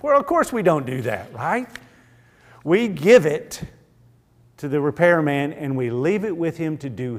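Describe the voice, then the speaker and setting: Male Bible teacher, slightly high voice, slow and deliberate, earnest, long hall reverb. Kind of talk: church Bible class teaching.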